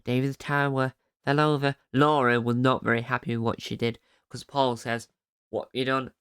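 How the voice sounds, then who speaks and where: A man's voice: medium pitch, flat delivery, moderate pace, fairly bright tone, clear, resonant tone, dry recording, clean studio sound. A man hosting his own podcast, recapping an episode in a casual, rambling way and often correcting himself mid-sentence. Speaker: podcast host.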